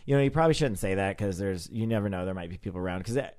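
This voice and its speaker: A man's voice: sits low, animated, racing, darkish tone. A man telling rambling, profane stories in casual podcast chat. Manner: crude, profane, rambling anecdotes.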